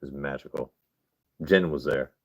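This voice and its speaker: A man's voice: a bass voice, normal speed. A man hosting a casual livestream, rambling and swearing as he chats with his viewers. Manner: rambling, profane, chatting with viewers. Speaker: livestream host.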